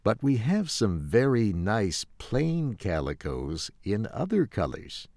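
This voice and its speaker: A man's voice: fairly low pitch, big pitch swings, slow, darkish tone, no room sound, studio quality, voice pushed up, full character voice. A man reading a story aloud, voicing a polite but unhelpful female shop saleswoman in a slightly raised voice. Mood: politely unhelpful.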